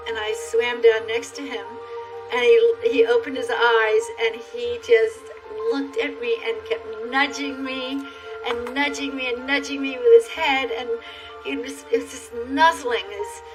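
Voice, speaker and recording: Heartfelt, halting woman with soft music. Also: fairly high pitch, steady tone, low-quality recording. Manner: heartfelt, halting, repeats words. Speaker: interviewee recounting an encounter. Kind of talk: emotional documentary testimony.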